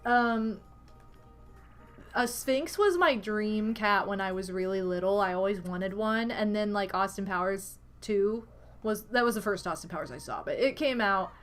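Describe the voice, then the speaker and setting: A woman's voice: medium pitch, a little slow, fairly bright tone, faint music behind. A young adult woman streaming from her apartment, chatting casually and animatedly with her audience. She giggles often and drops into cooing baby talk. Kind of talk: casual livestream chat.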